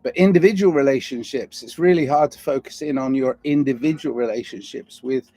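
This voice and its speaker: A vlogger with a noticeable non-standard English accent talks alone, rambling and musing as he fires question after question at himself. His medium-pitched voice is brisk and dark-toned, recorded with no echo.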